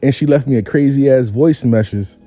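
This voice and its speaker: Man, dark mellow voice, profane comic storyteller, faint music behind. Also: mid-range voice, a little fast, no echo. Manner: profane, animated, laid-back. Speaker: storyteller host. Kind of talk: comic personal anecdote.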